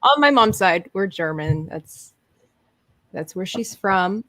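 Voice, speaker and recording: A woman's voice: mid-range voice, expressive, slow, fairly bright tone, no echo. Lady cohost chatting on a live show, laughs a lot, dry close mic. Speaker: podcast co-host. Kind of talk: casual live-stream chat.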